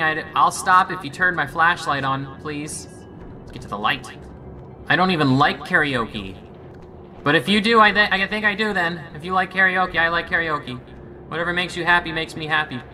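A man narrating his horror game playthrough with a bright, forceful voice, joking his way through the scares and chatting to whatever lurks in the dark. Faint game music sits softly underneath. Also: on the high side. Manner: jokey, talks to the game, easily spooked. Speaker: game streamer. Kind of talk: let's play commentary.

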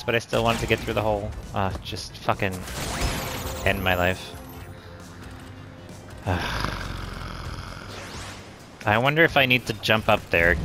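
A man's voice: on the low side, measured pace, pauses often. A man giving casual gameplay commentary, frustrated and swearing as he talks to the game. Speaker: let's play gamer. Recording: game music playing behind.

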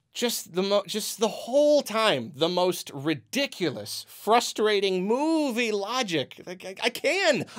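A man delivering a ranting movie review in an exasperated, rambling way. His pitch swings widely as he stumbles through restarts and acts out quoted reactions. The delivery stays lively and loose throughout.

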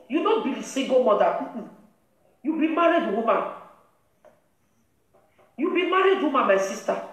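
A woman with a Nigerian Pidgin English accent, hosting a live-stream commentary and lecturing another woman in a scolding, preachy way. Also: fairly high pitch. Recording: very echoey room.

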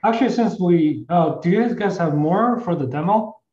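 Host: man on a video call, curious, clears throat; roomy, muffled audio. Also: sits high, lively intonation, normal speed, darkish tone. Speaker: host asking about a demo. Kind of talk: casual video call chat.

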